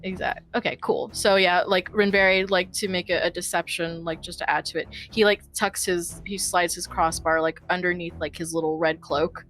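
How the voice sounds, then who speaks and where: A woman's voice: lowish voice, fairly even intonation, moderate pace, few pauses, fairly bright tone. Hesitant chatty woman player. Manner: hesitant, chatty, many fillers and restarts. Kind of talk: playing a tabletop game.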